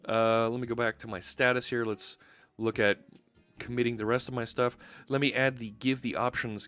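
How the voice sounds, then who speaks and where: A man's voice: mid-range voice, little pitch movement, normal speed, a bit bright, smooth, soft background music. A man streaming a live coding session, chatting casually and thinking aloud with fillers as he works.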